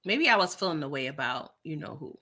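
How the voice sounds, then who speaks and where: Chatty animated woman, bright voice. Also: sits low, brisk. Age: middle-aged. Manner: chatty and animated, laughs often, talks straight to the viewers. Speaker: livestream host reading viewer chat. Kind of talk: casual chat.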